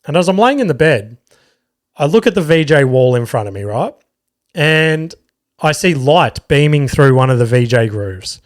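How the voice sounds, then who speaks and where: A man's voice: a little high, lively intonation, normal speed. An Australian man hosting a podcast, telling a rambling, profane story about touring as a stand-up comedian. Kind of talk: casual storytelling monologue.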